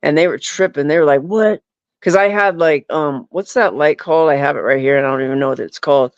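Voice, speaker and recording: This paranormal investigator, appearing as a podcast guest, rambles through casual chat and peppers his speech with "like" and "you know." He talks fast in a smooth, slightly high voice, and the recording is dull, lo-fi and dry with no room sound.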